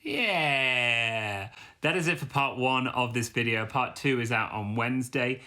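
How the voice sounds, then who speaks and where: A man hosting a casual reaction video, animated and excitable, swearing freely. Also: medium pitch, moderate pace. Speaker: host reacting to fan rap entries.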